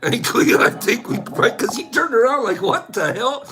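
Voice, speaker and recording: Older guy vlogging, chatty storyteller, bright voice that swings up and down, slow talker. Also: very high voice, soft background music. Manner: chatty, laughs often, tells stories with animated quoting. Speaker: vlog host. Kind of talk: casual live-stream chat.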